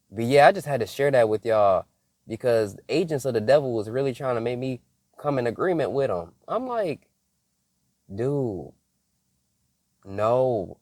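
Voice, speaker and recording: Young man, casual storytelling, animated with laughs, mid-range voice, dry close sound. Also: mid-range voice, dry recording. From Michigan. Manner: animated, laughing often, mock-scolding asides. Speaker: faith vlogger.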